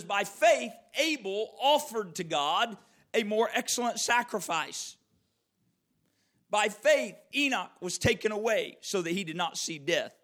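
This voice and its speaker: A man with a notably high voice delivers a sermon, reading scripture aloud. He leans hard on repeated phrases and stretches key words for emphasis. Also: a bit bright. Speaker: preacher.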